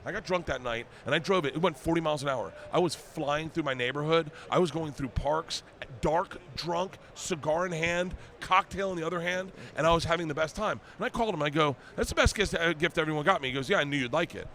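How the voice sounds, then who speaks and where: A middle-aged man, a comedian guest on a podcast, telling animated stories in casual chat and acting out the dialogue. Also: a little high, a little fast, few pauses. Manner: animated storyteller, acts out quoted dialogue.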